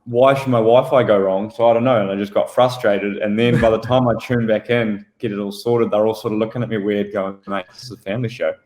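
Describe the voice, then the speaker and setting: A man's voice: on the low side, fairly even intonation, brisk, few pauses, a little mellow, reverberant. A man cohosting a casual podcast, talking in a sheepish, rambling, apologetic way. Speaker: podcast co-host. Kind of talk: casual chat.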